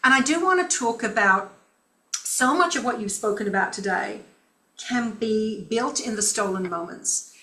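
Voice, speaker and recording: A woman's voice: on the high side, animated, moderate pace, pushed and bright, roomy sound, low-quality recording. A woman with an Australian accent, hosting an online training call, chatty and rambling. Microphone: video call.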